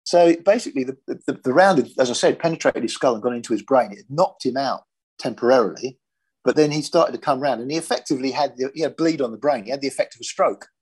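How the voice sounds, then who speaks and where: A man's voice: mid-range voice, quick pace, darkish tone, husky. An older man from Britain, a former police firearms officer, telling his story in a plain-spoken, matter-of-fact interview.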